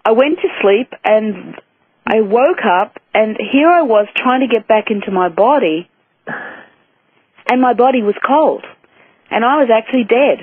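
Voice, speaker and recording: A woman's voice: on the high side, lively intonation, measured pace, slightly rough, no room sound. A woman guest in a phone interview, earnestly telling a personal story with many restarts. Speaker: guest, spiritual author and healer. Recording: tinny phone line, dry.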